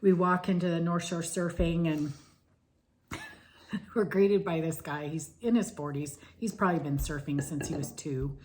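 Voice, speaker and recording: Rambly woman chatting about her cross stitch, lowish voice, goes off on tangents. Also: a little slow, darkish tone, a little hiss or hum. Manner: chatty, digressive storyteller. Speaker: flosstube co-host. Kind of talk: casual stitching chat.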